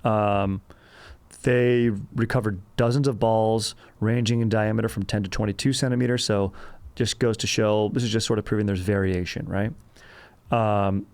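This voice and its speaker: A man's voice: lowish voice, a little mellow. A man hosting a history podcast in a loose, jokey way, full of fillers and crude asides. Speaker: podcast host. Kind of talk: casual history podcast chat.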